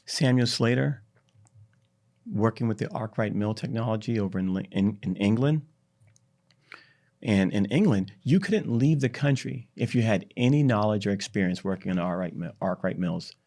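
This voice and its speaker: A man guest on a podcast, telling a history story in an animated, drawn-out way. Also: on the low side. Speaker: startup CEO, podcast guest. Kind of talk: conversational storytelling.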